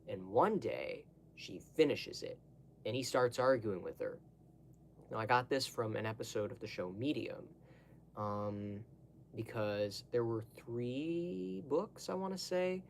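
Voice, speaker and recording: A man's voice: mid-range voice, a little mellow, a little hiss or hum. A young man talking casually to the camera, rambling through digressions with lots of fillers and asides. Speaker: vlogger.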